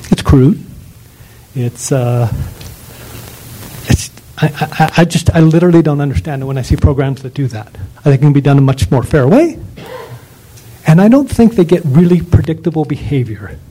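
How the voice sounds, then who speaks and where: A man's voice: fairly high pitch, animated, normal speed, long pauses, warm tone, slightly rough, low-quality recording. A man lecturing on dog training in an emphatic, ranting way, full of rhetorical questions.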